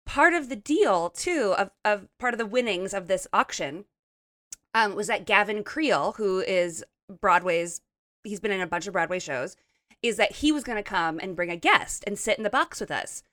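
Woman in her 30s gushing about her night, kinda hoarse, bright voice, dry close sound. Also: mid-range voice, lively intonation, moderate pace, dry recording. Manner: bubbly, gushing storyteller with lots of "like". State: hoarse after a late night. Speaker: podcast co-host. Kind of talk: casual chat.

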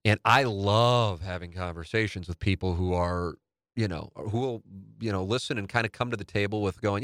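A man talks through his podcast in a rambling, candid way, restarting sentences and swearing offhandedly. His voice sits on the low side. The sound is close and dry. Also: moderate pace, a bit bright, no room sound. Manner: rambling, candid, self-interrupting, swears casually. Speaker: podcast host and radio host. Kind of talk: casual solo podcast monologue.

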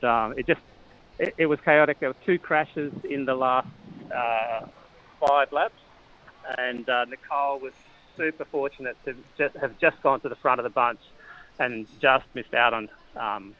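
A middle-aged Australian man with a medium-pitched voice appears as a cycling coach guest in a casual interview, the audio sounding dull. He talks hesitantly, with lots of fillers and restarts, and chuckles often.

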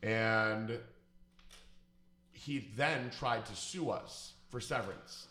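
A man's voice: lowish voice, extremely slow, sharp tone, slight background noise. A man telling a personal story in a casual, blunt, profane and emphatic way. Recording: echoey room.

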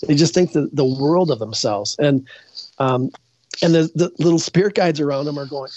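A man's voice: a little high, moderate pace, darkish tone, dry recording. An older man from Minnesota, a guest psychic rambling through stories in casual interview talk, restarting his sentences often. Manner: rambling, with many restarts and fillers. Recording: dull, dry lo-fi sound.

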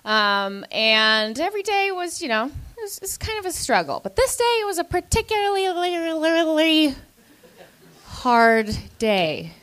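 A woman telling a comedic story at a live show, animated and laughing through her lines. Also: sits high, measured pace.

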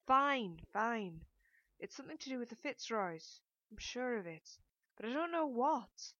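A woman's voice: on the high side, lively intonation, measured pace, a bit bright, no echo, voice pushed up. Woman reading a weary calculating man, coolly persuasive, dull dry recording. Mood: pressed.

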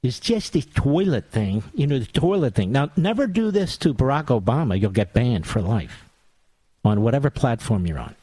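A man's voice: medium pitch, big pitch swings, moderate pace, dark tone, husky, dry recording. Mocking, sarcastic male talk host. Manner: sarcastic, mocking, theatrical swings in tone. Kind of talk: talk radio monologue.

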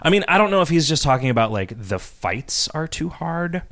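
A man's voice: fairly high pitch, sing-song, fairly quick, fairly bright tone. A man hosting a casual podcast, reading listener questions aloud and rambling about design in a loose, profane way. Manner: loose, profane, rambling with fillers and mocking voices. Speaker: podcast host and game designer.

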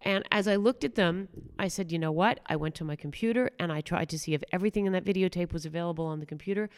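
A woman's voice: fairly low pitch, fast talker, smooth. A middle-aged woman guest on a podcast, telling rambling anecdotes in casual chat, with lots of fillers and restarts. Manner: chatty anecdotal storyteller, many fillers and restarts.

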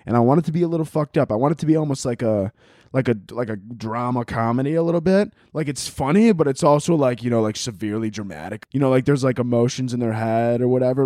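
A podcast host tells a rambling, profane comic story in a casual, comedic way, laughing often. His voice is medium-pitched and mellow, recorded with clean studio sound and no echo.

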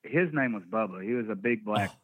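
His voice lowish, brisk and husky, the Texan-accented band vocalist from Texas chats as a podcast guest in a casual interview. The stories come out candid and relaxed with free swearing, recorded dry over a tinny, phone-like line.

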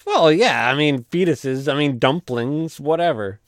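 A blunt, foul-mouthed man chatting on a podcast, slightly higher-pitched than most men. He talks slowly and unhurriedly, and the recording is dry and close. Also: dry recording. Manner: blunt and profane. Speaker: podcast panelist. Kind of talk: casual podcast chat.

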